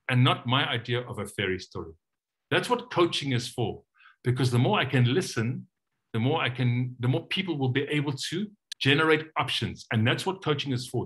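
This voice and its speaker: Male trainer, bright and lively delivery, teaches by acting out sample questions on a video call. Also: medium pitch. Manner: animated, acts out questions in different voices. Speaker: coaching trainer. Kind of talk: online training session.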